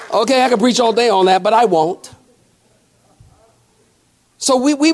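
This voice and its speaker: A male pastor preaching a sermon in a folksy, conversational way, with call-and-response asides to the congregation, moving between slow emphatic scripture lines and quick joking remarks. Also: extremely high pitch.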